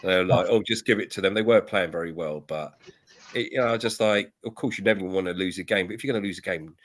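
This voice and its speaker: A man's voice: low voice, fast. A man hosting a casual chat, rambling and laughing easily. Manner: chatty, rambling, laughs often.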